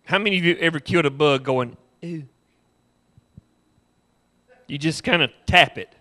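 A man's voice: on the high side, quick pace, pushed and bright. A male pastor preaching a sermon with impassioned repetition and humorous storytelling.

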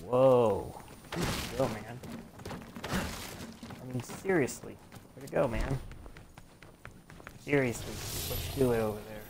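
A male gamer commenting on his play in slow, drawn-out phrases, swearing freely and venting his frustration with the game. He stays chatty and informal throughout. The game's audio is loud under his voice. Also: medium pitch, gravelly, background noise. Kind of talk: live gameplay commentary.

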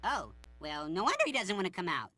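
A man voicing a goofy, excitable male cucumber who talks in a silly, dramatic way and is quick to panic. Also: sits high, no room sound, full character voice. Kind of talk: cartoon voice acting.

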